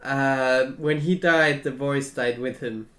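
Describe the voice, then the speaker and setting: A man's voice: medium pitch, steady tone, slow pace, a bit bright, roomy sound. A man narrating as game master of a tabletop game, hesitant with many fillers.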